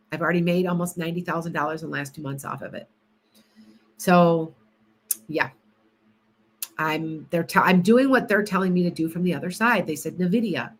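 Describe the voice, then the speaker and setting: A woman with a somewhat low-pitched voice hosts a casual psychic livestream. She chats loosely with viewers, calling them by name and often breaking off to restart her sentences. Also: fairly bright tone. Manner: chatty, addresses viewers by name, trails off in restarts.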